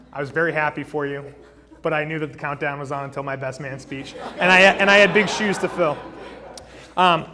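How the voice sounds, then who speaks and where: A man in his thirties with a slightly high voice, giving a best man toast into a handheld mic. He jokes about himself and often trips over his words into fillers. The recording is noisy, with clear background hubbub from a wedding reception. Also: sharp tone. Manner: joking, self-deprecating, with frequent fillers and restarts. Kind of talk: wedding toast to a live crowd. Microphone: handheld microphone.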